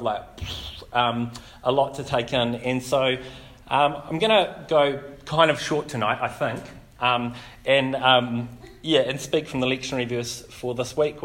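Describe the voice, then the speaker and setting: A man giving a relaxed, chatty sermon as pastor, with frequent ums and likes. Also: medium pitch. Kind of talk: casual sermon.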